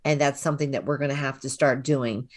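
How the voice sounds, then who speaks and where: A woman's voice: extremely low pitch, fairly even intonation, fairly quick. A woman co-hosting a Bible study, speaking reflectively and explaining ideas through everyday comparisons. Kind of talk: conversational Bible study discussion.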